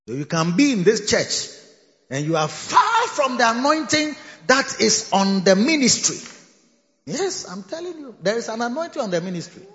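A Ghanaian man preaching in a large church, his voice pitched high and swinging from low asides up to excited shouts. The sound is dull and lo-fi, with a long reverb tail from the hall around him. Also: moderate pace. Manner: animated, laughing, rising to shouts. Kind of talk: sermon.

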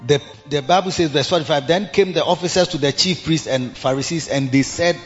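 A man preaching a sermon, reading scripture in a slow King James cadence and rising in pitch when he repeats phrases for emphasis. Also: faint music behind. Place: church hall. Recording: muffled church recording, long hall reverb.

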